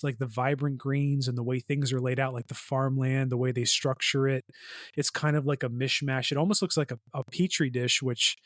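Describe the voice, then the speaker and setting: A man's voice: mid-range voice, no echo, clean studio sound. Rambling man co-hosting a podcast. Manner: rambling, heavy "like" and "you know" fillers. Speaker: podcast co-host. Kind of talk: casual chat.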